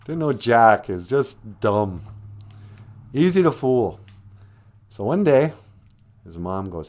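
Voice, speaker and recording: Male storyteller-host, casual and comic, very lively pitch, mid voice. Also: slow pace, long pauses. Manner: joking, loose and conversational. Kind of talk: casual humorous folktale retelling. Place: home live stream.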